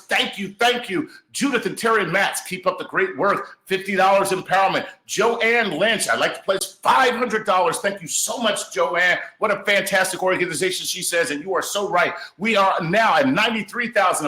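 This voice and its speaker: A man's voice: sits high, animated, moderate pace, hardly any pauses, bright, forceful tone, reverberant. A man hosting a live charity gala stream, reading out donations and cheering viewers on. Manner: upbeat, reads donor messages, cheers on viewers.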